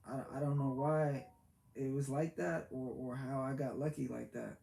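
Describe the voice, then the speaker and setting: A man giving a heartfelt, preachy motivational talk, halting and repeating himself as he goes. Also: mid-range voice, fairly even intonation, gravelly, mellow. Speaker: motivational vlogger. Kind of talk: earnest motivational monologue. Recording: echoey room with faint background hiss.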